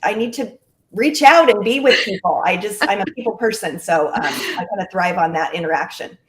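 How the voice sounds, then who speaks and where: A woman's voice: medium pitch, lively intonation, fairly quick. Chatty middle-aged woman in an echoey room. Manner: chatty and friendly, with frequent fillers. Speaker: guest, clothing direct-sales stylist. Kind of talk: casual interview conversation. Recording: roomy echo.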